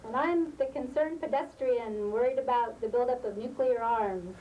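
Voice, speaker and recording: An actor playing a sweet, earnest young amateur comedian. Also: female voice, a little high, normal speed, recorded from a distance, muffled recording, noisy background, lightly acted.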